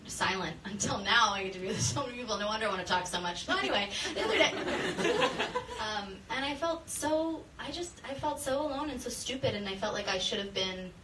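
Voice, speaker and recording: A woman's voice: medium pitch, a bit bright, slight background noise. Woman guest recovering from voice strain, rambling chat, distant mic, roomy sound. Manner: rambling, laughing often. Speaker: podcast guest. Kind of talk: casual chat.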